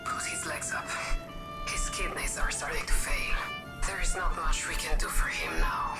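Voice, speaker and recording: A weary survivor, voiced by an actor, speaks in a tired, hushed whisper over game music, the lines rising and falling widely. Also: mid-range voice, sing-song, normal speed, lightly acted.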